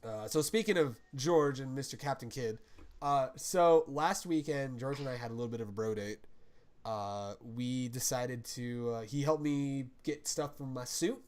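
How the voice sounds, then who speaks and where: A man's voice: mid-range voice, moderate pace, darkish tone. A young man hosting a casual podcast chat, rambling, swearing freely and breaking into impressions. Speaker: podcast host.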